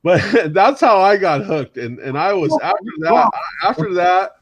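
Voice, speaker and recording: Animated storytelling man, dry close sound. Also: high voice, measured pace, dry recording. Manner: animated storyteller who mimics others, laughs often. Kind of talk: casual chat.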